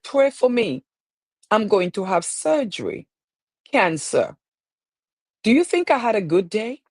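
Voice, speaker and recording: A woman's voice: mid-range voice, darkish tone, dry recording. A woman hosting her own stream, speaking in an emotional, preacherly way with repeated phrases. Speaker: show host. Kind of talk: impassioned live-stream talk.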